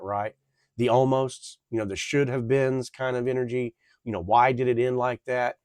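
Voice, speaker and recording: Halting, rambling man reading tarot. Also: medium pitch, darkish tone, no echo, studio quality. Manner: rambling, halting, with many fillers and self-corrections. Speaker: tarot reader. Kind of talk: casual tarot reading to camera.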